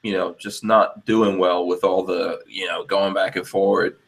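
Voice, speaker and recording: A man's voice: low-pitched, flat delivery, unhurried, vocal fry. A man in casual podcast chat, asking curious follow-up questions.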